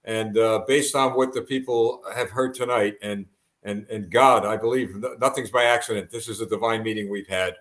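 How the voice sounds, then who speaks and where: A man hosting a live broadcast, earnest and halting, with many fillers and restarts. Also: lowish voice, steady tone, fairly bright tone, roomy sound.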